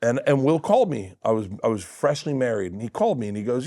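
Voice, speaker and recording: A middle-aged man telling a long funny story as a guest on a talk show, acting out the other people's voices and laughing loudly. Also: mid-range voice, big pitch swings, quick pace, hardly any pauses, dry recording. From Florida. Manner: acts out quoted voices, loud bursts of laughter. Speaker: comedian guest.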